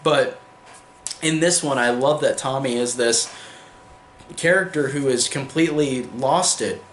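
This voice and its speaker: An excited young man rambles through a casual film review, piling on fillers and repeated "like"s, his pitch sitting in the middle range. The room around him is echoey, with a faint hum of ambience beneath. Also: unhurried. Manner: enthusiastic, rambling, lots of fillers and repeated likes.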